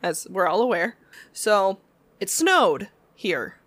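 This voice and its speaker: A woman chatting on a podcast, spinning long rambling anecdotes with a laugh and slipping into other people's voices as she retells them. Her voice sits at an ordinary middle pitch and comes across close and dry, with no room sound at all. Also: sing-song, slow, fairly bright tone, no echo. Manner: rambling, laughing, acting out customers in her stories. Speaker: podcast co-host. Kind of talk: casual storytelling chat.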